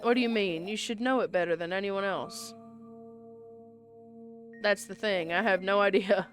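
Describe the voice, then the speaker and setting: A woman at medium pitch and normal speed plays a visual novel, reading all of its text and dialogue aloud and adding casual comments between lines. Faint music can be heard behind her.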